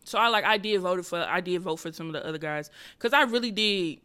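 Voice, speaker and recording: A young woman comedian hosting her own podcast, telling a story in a casual, profane, animated way. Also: on the low side, brisk, smooth.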